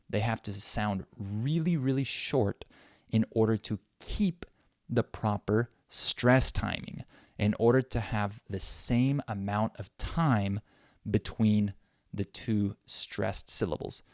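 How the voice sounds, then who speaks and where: A young man teaching English in a podcast lesson, explaining and slowly repeating example phrases. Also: on the low side, darkish tone, dry recording, clean studio sound.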